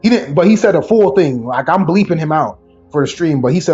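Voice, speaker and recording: A man hosting a casual podcast, telling stories in an animated, slang-heavy way. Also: fairly high pitch, brisk, dull audio, faint music behind. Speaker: podcast host.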